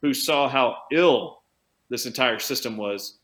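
A man who works as a chiropractor, telling an animated story as an interview guest, changing his pace for emphasis. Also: medium pitch. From United States. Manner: animated anecdote-teller, speeds up and slows down for emphasis. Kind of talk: conversational storytelling.

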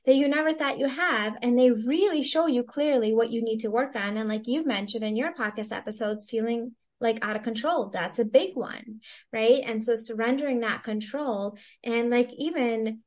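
In a casual interview chat on a podcast, a woman who works as a Christian stress coach talks at normal speed in a fairly high voice. She's chatty and reflective, thinking aloud with lots of "like" fillers.

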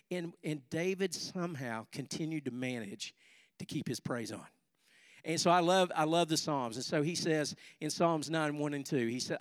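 A middle-aged pastor preaching in a church hall, with a fairly high voice. He talks in a loose, conversational way and urges the congregation to respond. The close, dry voice trails into a long hall reverb. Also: normal speed. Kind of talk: sermon.

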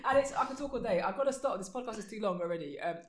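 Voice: mid-range voice, lively intonation, racing. A host in their thirties, running a casual chat. They talk freely and laugh often. The voice rings in a roomy, echoey space. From North London. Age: 30s. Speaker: podcast host. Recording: roomy echo.

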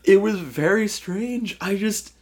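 A man's voice: high voice, slow, darkish tone, breathy edge. A young man co-hosting a podcast, talking about movies in a rambling, profane way and laughing often. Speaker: podcast co-host. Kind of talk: casual movie-review chat.

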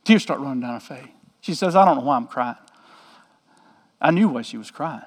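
A man's voice: mid-range voice, expressive, a little fast, big-room sound. A man, a pastor telling a story in a folksy, joking sermon.

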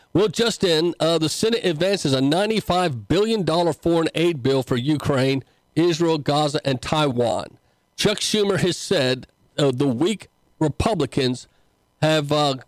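A man's voice: fairly high pitch, no echo, low-quality recording. Folksy preaching man, dry close sound. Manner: folksy, conversational, with frequent fillers and restarts. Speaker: pastor and show host. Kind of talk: casual political commentary and preaching.

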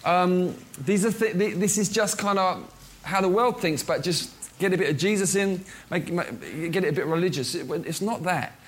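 Pastor, man, high voice, loose chatty sermon delivery with ums and restarts. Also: normal speed, slight background noise. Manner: conversational preaching with frequent fillers and restarts.

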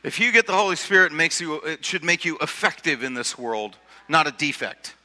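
A pastor delivers a casual, conversational sermon in a high, very bright, ringing voice, animated and brisk. He leans on rhetorical questions and keeps repeating himself. In the big hall, a long reverb trails off after each phrase.

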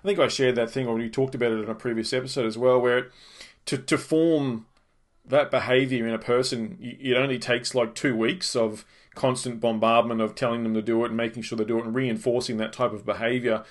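An Australian man hosting a podcast, chatting casually and telling animated stories with lots of swearing and laughter. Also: mid-range voice, a little fast. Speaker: podcast host.

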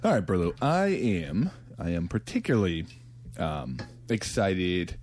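A man's voice: on the low side, big pitch swings, unhurried, creaky, darkish tone, faint music behind. A man hosting a podcast, chatting casually, laughing often and rambling with restarts. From United States. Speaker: podcast host. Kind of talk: casual chat.

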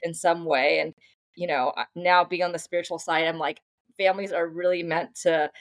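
This is a young adult woman speaking as a podcast guest. Her voice sits low and sounds dry and close, with no room around it. She talks earnestly and reflectively, circling back and restarting her sentences as she thinks. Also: steady tone, moderate pace, no room sound. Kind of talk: casual conversational interview.

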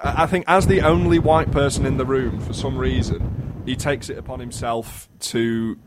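A man's voice: medium pitch, fairly even intonation, moderate pace, very noisy. Guy rambling through a story on a podcast, trips over his words a lot. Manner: rambling, stumbling restarts. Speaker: podcast host. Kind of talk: casual chat, storytelling.

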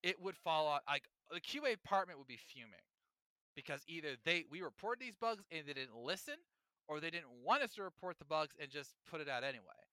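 A young man hosting a casual podcast, ranting in a playful, animated way. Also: fairly high pitch, fairly quick, no room sound. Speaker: podcast host.

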